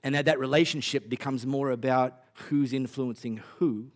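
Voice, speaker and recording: An Australian man preaching a sermon as a pastor, conversational and animated, with playful asides. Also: medium pitch, normal speed.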